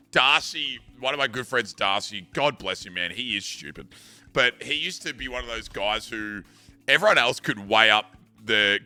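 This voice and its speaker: A man's voice: mid-range voice, pushed and bright. A man with an Australian accent chatting casually on a stream, rambling through stories in a laid-back, swearing manner.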